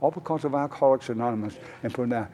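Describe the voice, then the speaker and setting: A man's voice: medium pitch, racing, dark tone, slight background noise. Older man telling his recovery story. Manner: rambling, folksy, many "uh"s, acts out both sides of conversations. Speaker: recovery speaker at a conference. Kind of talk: personal testimony storytelling. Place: conference hall.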